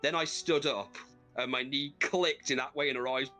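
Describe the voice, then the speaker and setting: A man's voice: medium pitch, normal speed, faint music behind. A man hosting a gaming stream, chatting casually, telling stories with lots of swearing and laughter. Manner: animated storyteller, swears and laughs often. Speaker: gaming channel host. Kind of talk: casual chat while playing a video game.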